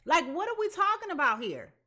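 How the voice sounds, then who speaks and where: A woman giving a live tarot reading to her viewers, talking in an animated, dramatic way. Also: very high voice, a little fast, background noise. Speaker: tarot reader.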